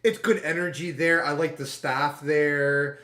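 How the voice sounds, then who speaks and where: A man streams and chats casually with his viewers, rambling playfully and often trailing off mid-sentence. His voice is fairly high, pushed and bright, with fairly even intonation and an unhurried pace, recorded in an echoey room with faint background music.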